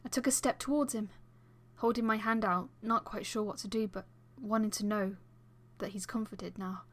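A woman reading a first-person fan audiobook as its narrator, with expressive delivery. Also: mid-range voice, moderate pace.

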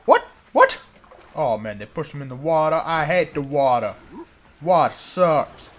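A young man commentating a zombie game as he plays, joking around, humming along and yelling in panic when attacked. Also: fairly high pitch, expressive, moderate pace. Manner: jokey, shouts and yelps in panic, hums along. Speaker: gamer. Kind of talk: let's play commentary.

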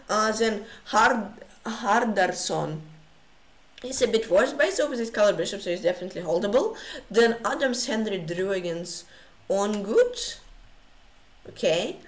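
An excitable woman chats through chess games on a live stream, often gasping and exclaiming. Her voice sits at an ordinary middle pitch and rings with a roomy echo. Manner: excitable, frequent gasps and exclamations. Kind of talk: casual livestream commentary.

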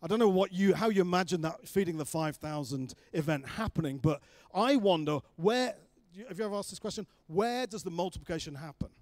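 Male preacher, slightly high voice, animated storyteller who acts out the voices, dry close sound. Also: brisk, few pauses, no echo. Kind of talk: sermon.

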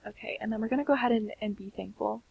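A young woman giving sleepy, chatty commentary on a life-sim game, often slipping into soft half-whispers. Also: on the high side, very fast, gravelly, breathy edge, narrow, tinny audio. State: sleepy, keeps yawning. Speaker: gaming channel host. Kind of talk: casual gameplay commentary.

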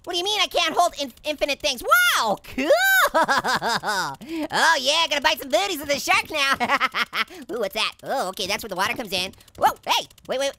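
A woman's voice: very animated, normal speed, creaky, few pauses, pushed and bright, a little hiss or hum, exaggerated voice. A woman voicing a hyper, giggly cartoon orange who rambles and jokes through a let's play commentary. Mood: goofy. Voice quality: squeaky, bouncy, silly. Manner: rambling, joking, giggling at own gags. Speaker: gameplay commentator.

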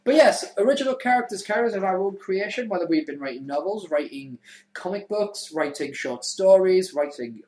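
A man's voice: sits high, lively intonation, fairly quick, darkish tone, echoey room, low-quality recording. A man hosting a casual comedy podcast, rambling and correcting himself as he explains the show. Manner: rambling, giggly, self-correcting. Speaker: podcast host.

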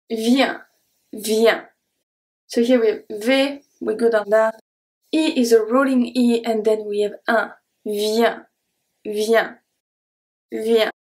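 A woman teaching pronunciation, saying each word slowly and repeating it before she explains its sounds. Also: a little high, darkish tone. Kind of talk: slow word-by-word pronunciation lesson.

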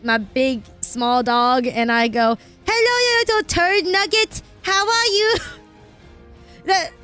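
A young adult woman chatting casually with her viewers while she plays a game, excitable and quick to laugh, cursing when things go wrong. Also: sits high, smooth. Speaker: streamer. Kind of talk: casual live-stream chat while gaming.

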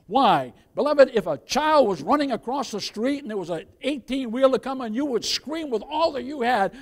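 A man's voice: very high-pitched, animated, brisk, few pauses. A man preaching a sermon as pastor, calling out to the congregation with rising, emphatic lines. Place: church.

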